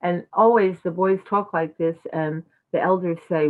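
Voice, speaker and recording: A woman telling a devotional story in an animated, chatty way, full of fillers, over a video call. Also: fairly low pitch, moderate pace. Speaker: devotional speaker. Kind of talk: storytelling talk. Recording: tinny phone-like call audio.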